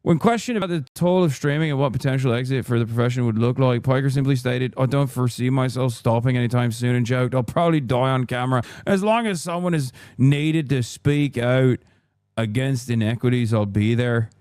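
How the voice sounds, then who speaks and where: A man's voice: mid-range voice, a little fast, darkish tone, clean tone, dry recording. Man reading a news-style report. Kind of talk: scripted news-style narration.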